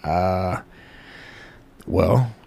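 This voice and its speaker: A man's voice: low voice, very slow, creaky, warm tone. A man rambling through a crude, profane comic monologue, stumbling and correcting himself as he goes.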